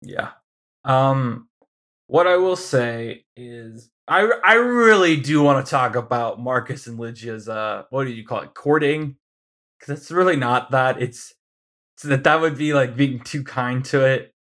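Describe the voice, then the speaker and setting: A man's voice: mid-range voice, measured pace, fairly bright tone. A man co-hosting a podcast, chatting casually about a film, laughing often and acting out lines in mocking voices. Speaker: podcast co-host. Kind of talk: casual film discussion chat.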